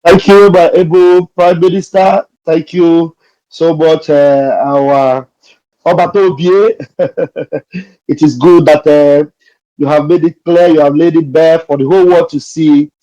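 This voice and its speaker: A man moderating a live audio session, speaking haltingly with many pauses and fillers. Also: fairly high pitch, fairly even intonation, dark tone, dry recording, dull audio.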